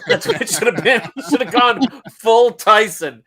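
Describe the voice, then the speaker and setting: A man in casual chat, joking and quick to laugh. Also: high-pitched, animated, sharp tone.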